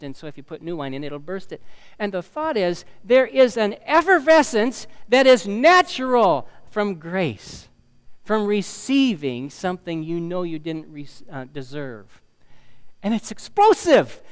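A man preaching a sermon in a conversational way, with fillers and asides, reading scripture and swelling louder on key phrases. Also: sits high, clear, resonant tone.

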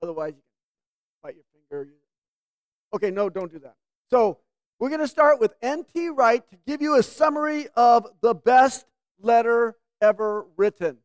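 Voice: mid-range voice, lively intonation, normal speed, no room sound. A pastor leading a prayer and then introducing a teaching series in a conversational, joking sermon style.

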